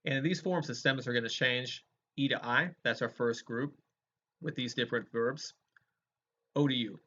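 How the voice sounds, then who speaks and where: A man teaching a Spanish grammar lesson, explaining verb forms clearly and modeling each conjugation aloud for students to repeat. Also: medium pitch, normal speed, bright, forceful tone. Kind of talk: recorded lecture with choral drills. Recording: dull lo-fi lecture recording.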